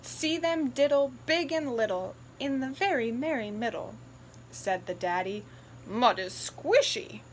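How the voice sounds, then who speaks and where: A woman reading a picture book aloud in a sing-song, expressive storytelling voice. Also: sits high, a little slow, a little hiss or hum, rough recording.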